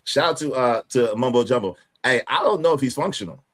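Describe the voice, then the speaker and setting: Animated mocking man streaming live. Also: mid-range voice, a little fast. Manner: loud, mocking, laughs often; repeats phrases for emphasis. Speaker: livestream host. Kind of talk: live reaction commentary.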